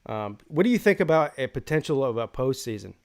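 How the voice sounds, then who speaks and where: A man's voice: medium pitch, very animated, fairly quick. A man hosting a live college football call-in show, giving his opinions in rambling casual talk full of restarts.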